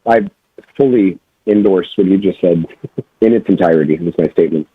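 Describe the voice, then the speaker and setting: A hoarse man who has lost his voice, speaking apologetically as a commissioner. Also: low voice, fairly quick, no echo, phone-quality sound.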